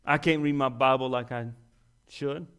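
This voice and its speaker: A man's voice: mid-range voice, fairly even intonation, normal speed, a bit bright, clear, resonant tone. A young man preaching a sermon in a folksy, self-deprecating way, rising to emphatic peaks.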